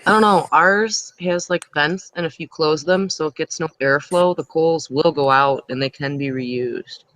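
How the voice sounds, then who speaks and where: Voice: mid-range voice, moderate pace, fairly bright tone. A person in casual chat, hesitant and searching for words as they explain a view. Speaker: guest on the stream.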